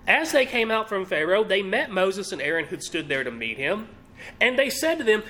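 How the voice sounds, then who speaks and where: A man's voice: high voice, moderate pace. A man preaching a sermon, walking through a scripture passage, asking the listeners questions and acting out what the characters say. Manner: animated, rhetorical questions, acts out quotes. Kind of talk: sermon teaching.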